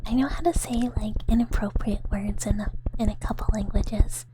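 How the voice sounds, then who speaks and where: A woman's voice: mid-range voice, steady tone, moderate pace, noisy background. A woman streamer in a whispered ASMR chat with her viewers, giggling often as she talks.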